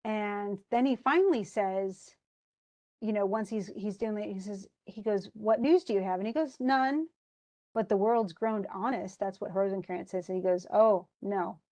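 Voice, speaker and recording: A woman's voice: mid-range voice, moderate pace, warm tone. A woman teaching a lesson, retelling a play scene by scene and paraphrasing its lines in everyday speech, with many fillers.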